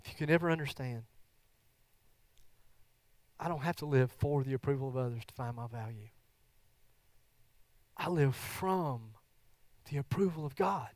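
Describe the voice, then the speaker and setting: A middle-aged man preaching a sermon as a church pastor, moving between loud, fervent declarations and soft, earnest talk. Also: medium pitch, normal speed, long pauses, no echo. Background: guitar music.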